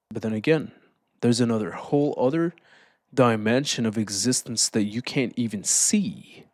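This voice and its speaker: A man giving a casual motivational talk, calm and deliberate, slowing down to stress points and often saying "man". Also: medium pitch, no echo, clean studio sound. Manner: calm, deliberate, slows down for emphasis. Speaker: self-improvement speaker.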